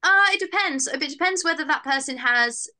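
A woman's voice: sits high, expressive, moderate pace, bright, forceful tone. A woman stand-up comedian chatting as a guest in a podcast interview, self-mocking and full of fillers and laughs.

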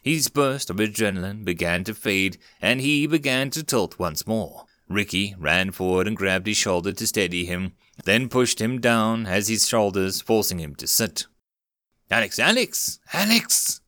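A man narrating a dramatic story in a steady reading voice. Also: lowish voice, moderate pace, few pauses, dry recording, studio quality.

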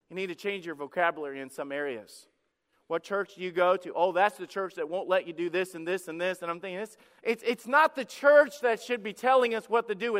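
A man preaching a sermon as pastor, fervently swinging between soft and loud passages. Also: high-pitched, long reverb tail. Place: church sanctuary.

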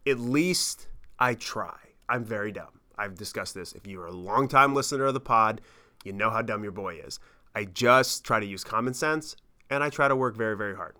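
A man's voice: fairly low pitch, moderate pace, pushed and bright. A man hosting his podcast, telling a travel story in a casual, profane, self-mocking way. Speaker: podcast host.

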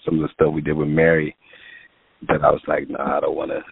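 A man's voice: extremely low pitch, quick pace, gravelly, breathy edge, no echo. A man, a music producer, telling a story in casual talk, acting out what people said, with lots of fillers. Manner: animated storyteller, acts out quotes, lots of fillers. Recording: tinny phone-like line.

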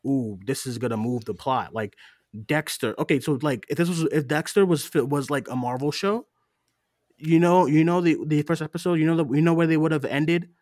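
Laughing often and using lots of fillers, a male co-host rambles loosely through a casual podcast review. His voice is a little high, brisk, and darkish, in a dry, studio-quality recording.

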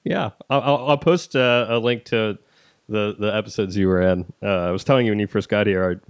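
A podcast host in casual interview chat who is playful, encouraging and quick to laugh. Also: mid-range voice, clear, resonant tone, no echo, studio quality.

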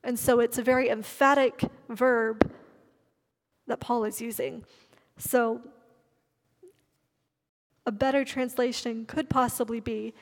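A woman's voice: fairly high pitch, level tone. Woman preaching emphatically in an echoing hall. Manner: emphatic, stresses key words with slowed delivery. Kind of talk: sermon.

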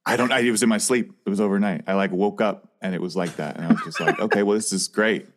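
A man co-hosting a comedy podcast, telling casual, rambling stories with animated retelling and plenty of swearing. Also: low voice, fast talker. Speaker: podcast co-host.

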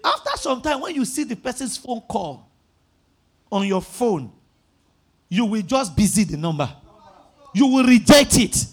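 A male pastor preaching with an unusually high, gravelly voice that has a husky edge. His pitch swings widely as he tells stories and acts out conversations. At his most emphatic he breaks into shouts. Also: a little slow, pauses often. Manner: animated storytelling, acting out phone conversations. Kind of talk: sermon.

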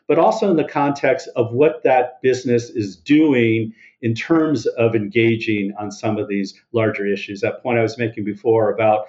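A man's voice: mid-range voice, moderate pace, hardly any pauses, darkish tone, lo-fi sound. A man as a podcast guest, giving earnest interview answers and building up lists with emphasis.

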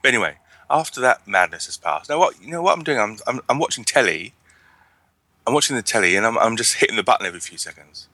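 A man's voice: medium pitch, sing-song, fast, bright, forceful tone, no room sound. A man co-hosting a casual podcast chat, wry and rambling, with frequent restarts. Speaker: podcast co-host.

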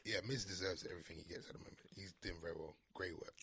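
Deep fast-talking man, husky. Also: a bit bright, slight background noise. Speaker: co-host. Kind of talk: casual chat.

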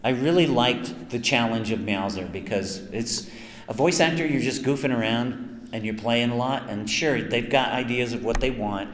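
Medium-pitched and speaking at a normal speed, a man who voices characters answers fans on a convention panel. He's chatty, mocking himself through long, lively stories in which he performs the quotes. The recording picks up hall echo and some noise.

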